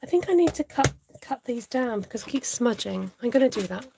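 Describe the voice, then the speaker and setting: A woman's voice: fairly high pitch, animated, fairly quick, vocal fry, background noise. A woman hosting a live card-making tutorial, chatting to viewers and laughing often as she works.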